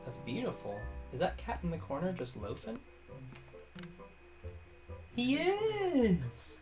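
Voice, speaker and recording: A woman's voice: deep voice, big pitch swings, brisk, warm tone, soft background music. A woman streaming a video game, chatting playfully and giggling between lines. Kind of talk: casual gameplay commentary.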